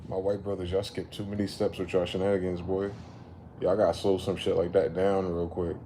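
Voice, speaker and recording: A man ranting in a late-night commentary vlog, animated and profane, repeatedly telling listeners to slow down. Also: deep voice, slight background noise. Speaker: commentary vlogger. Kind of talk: late-night rant to camera.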